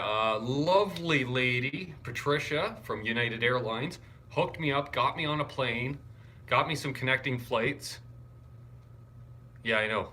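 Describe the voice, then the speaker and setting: Streaming from a hotel room, a young man from Canada sounds both wired and tired as he welcomes viewers and reads out their comments. His pitch is medium, and there's slight background noise.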